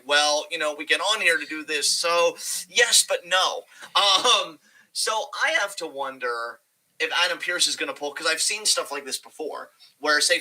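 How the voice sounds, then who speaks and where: A man co-hosting a casual wrestling review podcast, talking in an animated, profane and rambling way. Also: on the high side, rough recording. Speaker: podcast co-host.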